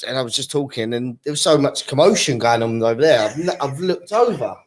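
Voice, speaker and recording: A man on a panel telling a sheepish story in a halting way, laughing as he goes. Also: mid-range voice, animated. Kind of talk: casual chat.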